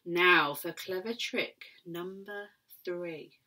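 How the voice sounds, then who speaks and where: A woman's voice: fairly low pitch, slow pace, pushed and bright, far from the mic, full character voice. A woman voicing a greedy, scheming male crocodile who talks in a gloating way.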